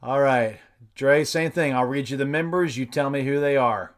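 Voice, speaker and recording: A man's voice: mid-range voice, moderate pace. A man hosting a casual podcast trivia game, upbeat and laughing often. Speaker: game show host.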